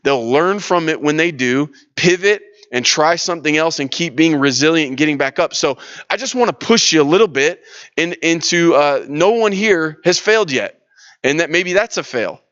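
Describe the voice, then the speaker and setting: A man's voice: a little high, expressive, normal speed, fairly bright tone, clear, resonant tone, muffled recording. A man leading a church leadership workshop, talking in a casual, storytelling way with lots of restarts and fillers. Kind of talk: conversational teaching session.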